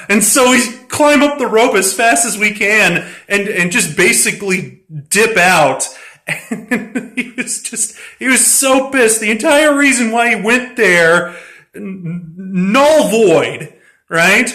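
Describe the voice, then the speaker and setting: A man's voice: high voice, animated, takes it slowly, sharp tone. A man casually retelling a tabletop game session, rambling and profane, often breaking into laughter. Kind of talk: casual storytelling.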